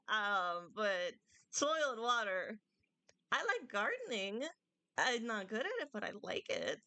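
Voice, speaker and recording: A woman's voice: mid-range voice, big pitch swings, takes it slowly, sharp tone, no echo. A woman streamer chatting casually while she plays a game, talking in a self-deprecating way and stumbling over words.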